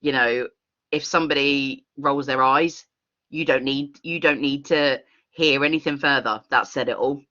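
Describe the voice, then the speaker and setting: A woman leading an online workshop, talking in an expressive, earnest way over a video call. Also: very deep voice, lo-fi sound. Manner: expressive, earnest, with quick laughs. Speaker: workshop facilitator.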